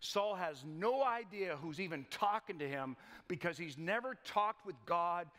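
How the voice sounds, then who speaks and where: A male pastor gives a loose, conversational sermon, tossing in folksy jokes and stumbling over repeated words. His voice sits a bit higher than most men's. It rings out with the long reverb of a church sanctuary. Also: expressive, a little slow, a bit bright.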